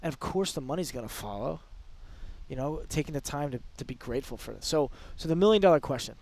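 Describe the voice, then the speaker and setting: A man's voice: on the high side, fast talker, no room sound. Emphatic male podcast guest. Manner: energetic, emphatic, often quoting example phrases. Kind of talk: conversational coaching talk.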